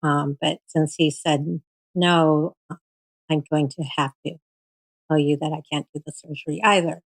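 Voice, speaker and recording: A woman guest recounting her cancer treatment in casual storytelling, animated and full of fillers, often quoting her doctors. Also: low-pitched, moderate pace, gravelly, no echo, poor audio.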